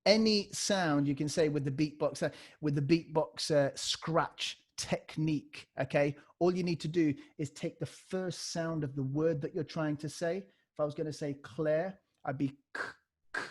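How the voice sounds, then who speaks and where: A man's voice: on the high side, normal speed, hardly any pauses, a little mellow. A man leading a live online beatbox workshop on a video call, energetically demonstrating vocal scratch sounds.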